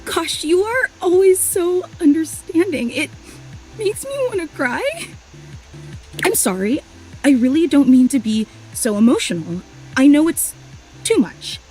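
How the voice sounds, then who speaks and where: A woman's voice: high voice, very animated, a little slow, mellow, soft background music, poor audio. A woman voicing an overly emotional, clingy young female superfan in a video game, gushing and apologizing in a tearful rush.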